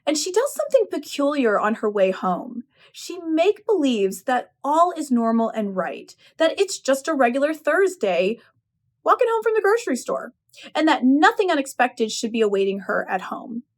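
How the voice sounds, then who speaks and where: Woman professor, high voice, lecturing on a short story with lively personal opinions. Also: moderate pace. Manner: expressive, opinionated retelling. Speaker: English professor. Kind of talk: literary analysis lecture.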